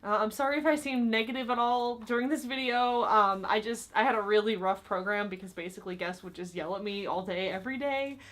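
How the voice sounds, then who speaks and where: Bright-voiced young woman telling stories. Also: medium pitch, fairly quick, few pauses. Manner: chatty, frequent fillers like "like" and "um". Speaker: vlogger recounting work stories. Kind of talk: casual storytelling to camera.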